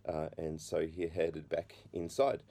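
A middle-aged man sharing his personal testimony, halting with many restarts, and a slight cough. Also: a bass voice, little pitch movement, mellow. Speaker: speaker giving his testimony.

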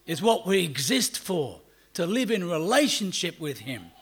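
A middle-aged man with an Australian accent preaching a sermon. He shifts between loud, drawn-out emphasis and quiet, fast asides. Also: sits high, very animated, husky. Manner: acts out quoted people in brief voices.

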